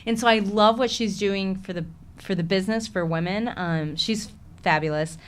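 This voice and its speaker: An actress with a Chicago accent, appearing as a podcast guest, speaks candidly in a casual interview and laughs often. Her voice is mid-range, at normal speed.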